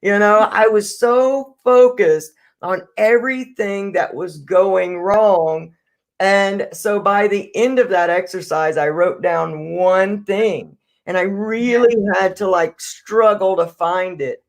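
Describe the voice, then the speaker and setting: A man's voice: high voice, slow. A man hosting a podcast, talking reflectively and telling a personal story. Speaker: podcast host. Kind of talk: casual podcast chat.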